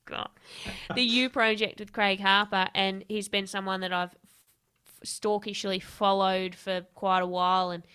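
Woman, bright tense voice, frank storyteller, casual interview guest. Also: medium pitch, measured pace, clean tone. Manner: lively, candid storyteller who swears freely and laughs often. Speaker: podcast guest, coach and speaker.

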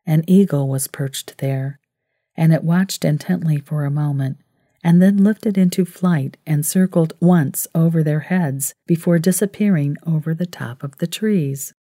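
A woman with a low, mellow voice narrates a novel as an audiobook reader, delivering scripted storytelling in a calm, measured way. The recording is clean studio sound with no echo.

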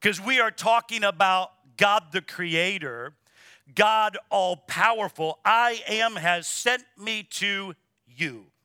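A man's voice: sits high, slow, sharp tone, smooth, dry recording, clean studio sound. A man preaching a sermon as pastor, emphatic and repetitive, calling on the congregation to answer back. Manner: emphatic preaching, repeats words, asks congregation to respond. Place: church sanctuary.

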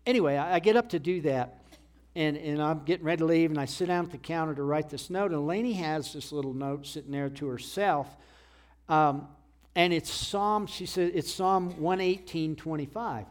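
A middle-aged man preaches in an earnest, conversational way. His voice sits a little high. When he quotes scripture, it climbs into loud, fervent pleading. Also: normal speed. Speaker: pastor. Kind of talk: sermon.

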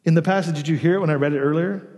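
A man preaching a sermon as pastor, earnest, with dramatic pauses and emphatic swells. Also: on the high side, darkish tone, in a large hall.

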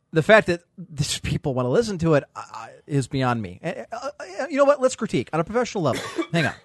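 A man's voice: fairly high pitch, no echo, studio quality. A man hosting a podcast in casual chat, blunt and scornful, swearing freely. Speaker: podcast host.

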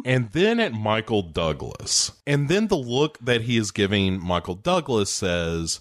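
Wry man with an animated voice. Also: fairly low pitch, slow pace. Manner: dry, wry, acts out characters in silly voices. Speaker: podcast co-host. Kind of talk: comedic movie recap chat.

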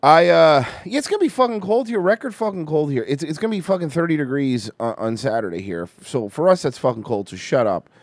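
A man's voice: fairly high pitch, lively intonation, a little fast, few pauses, no room sound, clean studio sound. A man hosting a casual stream, joking and swearing a lot while reacting to music videos. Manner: profane, joking, laughs often. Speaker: stream host. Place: hot-weather area.

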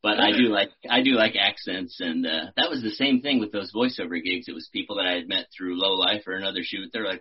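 Chill texas guy in his 30s on a podcast, kinda husky, muffled audio. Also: sits low, fast talker, hardly any pauses. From Austin, Texas. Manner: laid-back, swears freely, laughs often. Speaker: actor and musician guest. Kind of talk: casual podcast interview.

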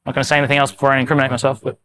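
A man preaching as a pastor, talking casually and with humor, then slowly and solemnly leading a prayer of confession. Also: medium pitch, monotone, fairly bright tone, a little hiss or hum. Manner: casual, self-deprecating preaching; slow, solemn liturgical reading. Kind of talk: sermon with led prayer.

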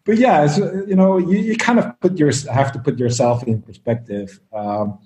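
A man's voice: a little high, normal speed, mellow, roomy sound. A man from Belgium, a guest on a casual panel chat, telling stories with lots of fillers and frequent laughs. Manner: storytelling, laughs often, many fillers.

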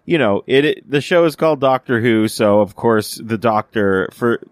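A man's voice: mid-range voice, normal speed, no room sound, clean studio sound. A man co-hosting a podcast, chatting casually about a TV episode, with lots of fillers and restarts. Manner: rambling, many fillers and restarts, acts out quoted lines. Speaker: podcast co-host. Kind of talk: casual chat reviewing a TV episode.

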